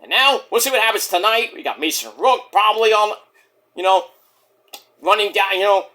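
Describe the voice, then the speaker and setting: A man's voice: high-pitched, moderate pace, bright, forceful tone. A man giving a casual, profane review of a wrestling show, ranting and acting out what people said. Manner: profane, ranting, acts out quotes.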